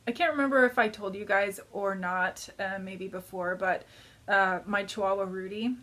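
A woman's voice: mid-range voice, fairly even intonation, normal speed, fairly bright tone. A woman in her thirties chatting casually to camera as a knitting vlogger, rambling and hesitant, with many fillers.

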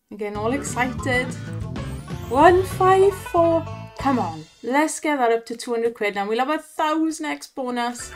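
A woman with a high voice gives excitable slot-game commentary in an unhurried way, cheering the reels on and laughing often. Faint game music plays underneath. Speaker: online slots streamer.

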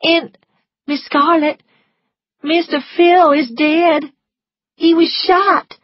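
A woman voicing a frightened young female house servant who whimpers and speaks in a rough dialect. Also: very high-pitched, fairly even intonation, takes it slowly, dry recording, pitched above the performer's own voice. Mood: anxious. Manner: whimpering, tearful, dialect speech. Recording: slightly muffled lo-fi, dry.

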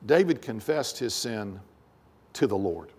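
A male pastor preaching a sermon, rising to emphatic raised phrases and dropping low and soft, often repeating words as he goes. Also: very animated, a little slow, slightly rough.

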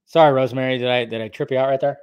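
A man's voice: medium pitch, fairly even intonation, rapid-fire, darkish tone, clear, resonant tone, no echo, muffled recording. A man hosting a casual livestream, reading and answering chat in a rambling, laid-back way. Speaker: YouTube host answering live chat.

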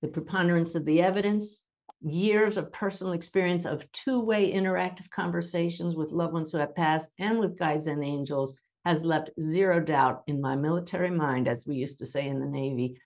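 A woman with a low, settled voice hosting a spiritual podcast and answering listener questions. She talks in a gentle, reassuring way. At times she deliberately slows to a measured pace. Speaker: podcast host and medium.

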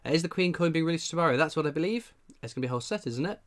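A man's voice: fairly high pitch, lively intonation, very fast. A man with a cold, hosting a casual live stream, chatting and reading out viewer names. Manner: chatty, reads out viewer names, laughs a lot. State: has a cold. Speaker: livestream host. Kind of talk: casual livestream chat.

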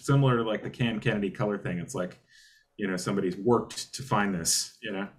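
A man co-hosting a comics podcast in casual chat, laughing often and pausing to restart his thoughts. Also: low voice.

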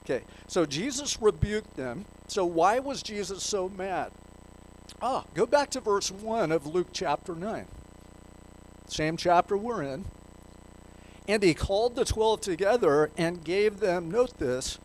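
Slow, high-voiced man preaching. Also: animated, a little hiss or hum, low-quality recording. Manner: rhetorical questions to the congregation, reads scripture aloud. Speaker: pastor. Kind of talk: sermon. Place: church.

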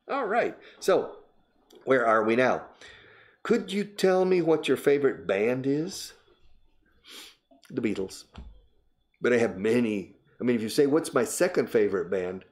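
A man's voice: fairly low pitch, darkish tone. Older man teaching English, chatty. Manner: chatty, switches into Spanish to explain words. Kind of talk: casual spoken English lesson.

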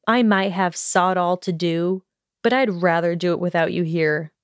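A woman's voice: lowish voice, normal speed, smooth, dry recording, studio quality, lightly acted. A woman voicing a sneering, arrogant young wizard man who talks in a cold, snide, snapping way in an audiobook reading.

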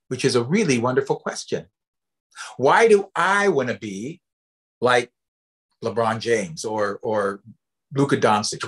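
A man from the US Pacific Northwest, a storyteller and educator, giving a playful storytelling lecture with pauses and fillers. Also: fairly high pitch, a bit bright.

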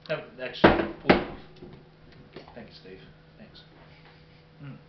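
A man's voice: medium pitch, a little slow. Young man doing a roomy mock-reporter bit. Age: young adult. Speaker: mock interviewer. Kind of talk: improvised comedy skit. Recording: roomy, distant, dull, with background hiss.

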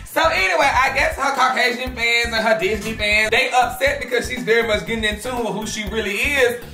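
A woman's voice: on the high side, fairly quick, sharp tone. A woman hosting a gossip vlog, talking casually and bluntly, sassy and profane. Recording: echoey room, off-mic, music underneath.

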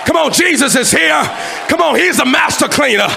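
A man preaching a sermon in a church, shouting and exhorting with fiery, rhythmic delivery. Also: very high-pitched, lively intonation, moderate pace, creaky, some chatter behind. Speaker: pastor. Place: church sanctuary. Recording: live church service with congregation noise.

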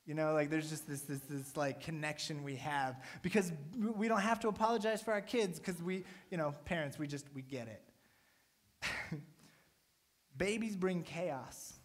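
High-voiced casual man preaching. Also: lively intonation, normal speed. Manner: casual, chatty preaching with many "right?" tags. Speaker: pastor. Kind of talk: sermon.

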